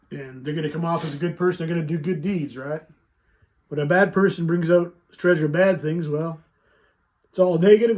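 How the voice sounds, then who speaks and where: A man's voice: a little high, a little mellow. A man hosting a casual live vlog, rambling folksily with many fillers and restarts as he reads and explains a short scripture passage. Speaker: vlogger reading a Bible passage.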